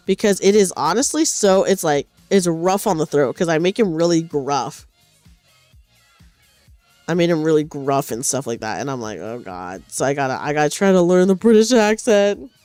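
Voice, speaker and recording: Sleepy, lively-pitched woman streamer. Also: no room sound. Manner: rambling, self-correcting, chatty. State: sleepy, low energy. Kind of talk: casual chat while knitting. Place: at home on a couch.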